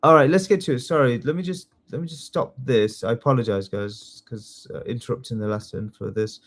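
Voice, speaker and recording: A man teaching a live online test-prep class, chatty and excitable, often apologizing as he goes. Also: mid-range voice, fairly quick. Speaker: citizenship test tutor.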